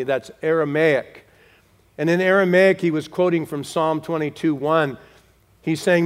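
A man preaching a sermon to his congregation, slowing for emphasis and dropping to a hush on key words. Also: fairly high pitch. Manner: direct, talks to the congregation. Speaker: pastor.

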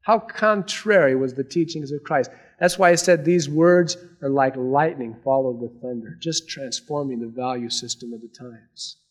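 A man preaching a sermon to a congregation, earnest, swinging between raised emphasis and hushed, quiet lines. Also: medium pitch, normal speed, hardly any pauses, breathy edge. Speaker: pastor.

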